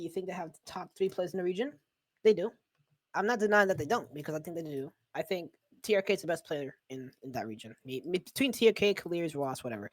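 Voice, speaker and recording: A woman's voice: on the low side, no echo. A woman hosting a casual podcast chat, a caster who talks passionately and laughs often. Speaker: podcast host and esports caster.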